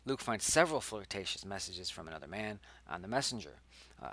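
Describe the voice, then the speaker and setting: A young man reading through his own screenplay in casual think-aloud chat, rambling and correcting himself, sometimes dropping to a hushed whisper. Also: deep voice, big pitch swings, fairly quick.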